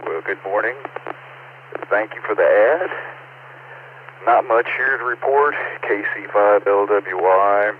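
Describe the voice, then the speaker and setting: A man with a Texan accent checks in on a ham radio net, easygoing and rambling. His voice is fairly low. It comes over a tinny radio link with a faint hiss. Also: slow pace, long pauses. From Texas. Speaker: caller.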